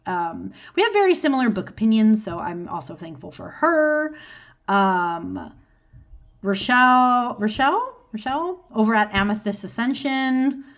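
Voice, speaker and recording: A woman's voice: medium pitch, big pitch swings, moderate pace. Rambling chatty woman tarot vlogger. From California. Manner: rambly, filler-heavy, self-deprecating, laughs often. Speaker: tarot YouTuber. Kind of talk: casual rambling video chat.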